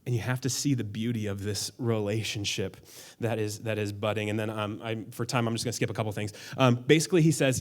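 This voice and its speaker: A young man preaching a sermon in a church, playful and animated, often acting out quoted lines in funny voices. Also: on the low side, quick pace, few pauses. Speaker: pastor. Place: church auditorium.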